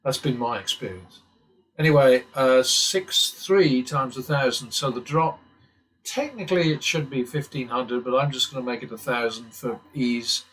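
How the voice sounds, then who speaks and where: Male host, casual, mutters through the math with dry asides and the odd curse; mid-pitched voice. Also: lively intonation, moderate pace, fairly bright tone, rough recording. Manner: muttering calculations, occasional swearing, wry asides. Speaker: blackjack strategy channel host. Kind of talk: casual commentary while playing simulated blackjack.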